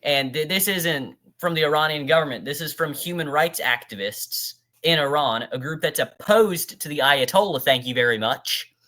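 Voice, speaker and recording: Ranting over a played speech, a political commentator with a mid-range voice fires back at the speaker directly, as if face to face, full of heat and scorn. The tone is bright and forceful, at normal speed with hardly any pauses.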